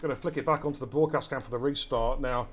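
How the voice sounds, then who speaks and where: A man with an English accent giving lively, chatty live commentary on an esports race and talking to his chat as he goes. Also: medium pitch, fast talker, noisy background. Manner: energetic, chatty, addresses chat directly.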